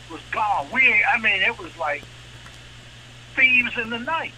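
A man co-hosting a radio talk show, speaking with an impassioned manner that climbs into animated outrage. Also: high-pitched, measured pace, noisy background.

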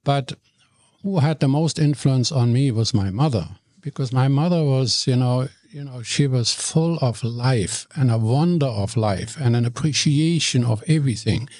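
An older man from Germany with a German accent, telling stories about his past as an interview guest in an animated, joking way. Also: medium pitch, normal speed, no echo, clean studio sound. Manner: animated storyteller, jokey, self-deprecating. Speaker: guest, radio regular. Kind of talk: interview storytelling.

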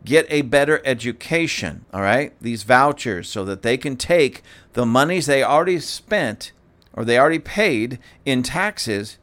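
A man's voice: mid-range voice, animated, measured pace, fairly bright tone. A man hosting casual political commentary, speaking to his audience, mocking and keeps breaking into laughter.

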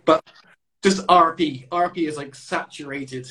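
A British man with a slightly high voice hosts a relaxed podcast chat. He talks in an animated, blunt way and swears now and then. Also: a little slow. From United Kingdom. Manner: animated, swears, mocks posh speech. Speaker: podcast host. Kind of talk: casual chat.

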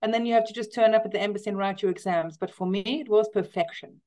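A middle-aged woman is a guest in a relaxed interview. She tells long, enthusiastic stories and leans on key words for emphasis. Her voice sits at an ordinary middle pitch. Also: fast talker. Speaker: guest, cookbook author. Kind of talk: casual interview chat.

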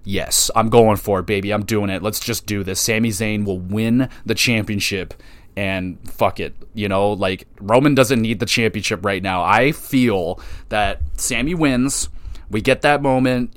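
A man hosting a solo podcast, giving his picks in a casual, profane and excitable way, thinking out loud as he goes. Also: lowish voice, no echo. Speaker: podcast host. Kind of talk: solo wrestling podcast predictions.

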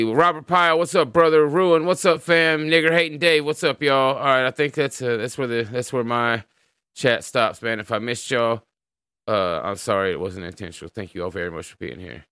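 Bright, crisp-voiced American man hosting. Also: medium pitch, normal speed, no room sound, clean studio sound. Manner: laid-back, loose, swears freely. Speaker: livestream host. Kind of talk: casual chat, reading out viewer names.

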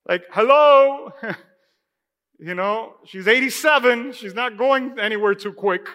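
A man with a high, bright, ringing voice preaches to his congregation. He tells a personal story in a loose, conversational way, dotted with "you know." His voice trails off into a long church-hall echo. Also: moderate pace. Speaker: pastor. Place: church sanctuary.

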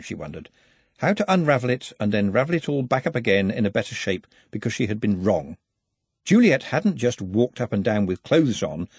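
Brief: male audiobook narrator, husky, lively intonation, dry close sound. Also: mid-range voice, no echo. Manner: expressive storytelling. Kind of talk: scripted narration.

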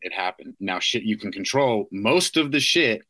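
A man's voice: fairly low pitch, animated, normal speed, pushed and bright, no room sound. A man co-hosting a casual podcast, talking in a profane way and often asking "you know what I mean". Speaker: co-host. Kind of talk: casual chat.

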